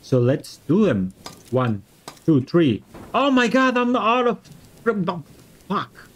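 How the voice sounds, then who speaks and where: A man streaming a game, excitable and swearing, yelling at the monster and switching between English and Spanish. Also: high voice, takes it slowly. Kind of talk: live gameplay commentary.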